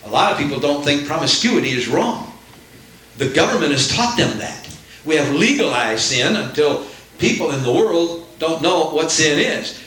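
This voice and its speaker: A preacher man delivers a sermon with fervent energy, climbing to emphatic peaks. His voice is bright and forceful, pitched a little high. The sound rings heavily off a reverberant room. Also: big pitch swings, moderate pace. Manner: fervent, rising to emphatic outbursts.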